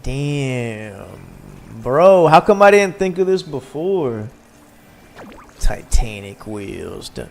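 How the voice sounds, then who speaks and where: A man's voice: medium pitch, big pitch swings, extremely slow, gravelly. A man hosting a casual gaming livestream, chatting loosely with his viewers while he plays. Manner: laid-back, chatting with viewers while playing. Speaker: livestream host.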